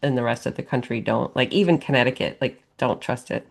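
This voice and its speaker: A woman with a notably low voice chats as a podcast co-host. She is relaxed and wry, and trades easy agreement with her partner. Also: fairly quick, creaky. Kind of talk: casual chat.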